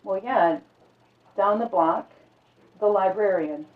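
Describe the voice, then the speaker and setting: A woman's voice: medium pitch, slow pace, natural voice. A woman voicing an easygoing male innkeeper who speaks in a casual, offhand way. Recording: echoey, distant, phone-like sound.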